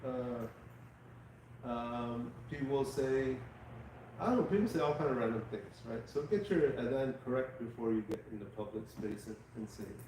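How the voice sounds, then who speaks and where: Man, patient class teacher, mellow voice, roomy echo, mic far away. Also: mid-range voice, normal speed, a little hiss or hum. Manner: patient, checks with students. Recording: echoey room, mic far off.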